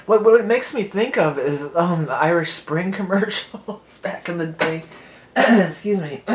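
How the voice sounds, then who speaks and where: A woman's voice: fairly low pitch, expressive, unhurried. Chatty woman reading tarot in an echoey room. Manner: chatty, rambling, laughs often. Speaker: tarot reader. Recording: echoey room, faint background noise.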